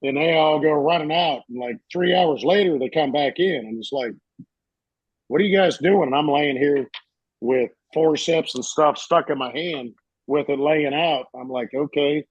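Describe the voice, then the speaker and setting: A man, a podcast co-host telling a story in a casual, animated way and acting out the voices in it. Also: a little high, moderate pace, breathy edge, no room sound, dull audio. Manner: animated, acts out voices in his stories.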